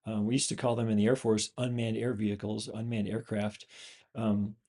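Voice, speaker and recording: A man's voice: lowish voice, level tone, moderate pace, dark tone. A man, a host and former pilot, explaining a screen display in a loose, rambling way with many fillers and restarts. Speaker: channel host, former pilot and flight instructor.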